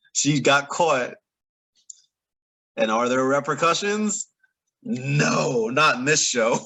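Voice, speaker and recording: A man with a husky, slightly breathy voice reviews a TV episode in a casual, opinionated recap. His pitch swings widely as he argues his points, and he laughs often between thoughts. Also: fairly bright tone, poor audio.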